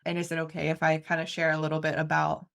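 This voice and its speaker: A woman's voice: sits low, completely flat delivery, fast talker, vocal fry, fairly bright tone. A woman in her thirties hosting a heartfelt interview, gushing and effusive, with lots of "like" and "you know". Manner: effusive, gushing, filler-heavy. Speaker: interview host.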